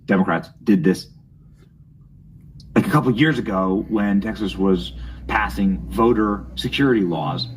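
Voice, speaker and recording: A man's voice: fairly low pitch, normal speed, a little hiss or hum, poor audio. A young man hosting a political commentary show, reading news aloud with mocking, snide asides.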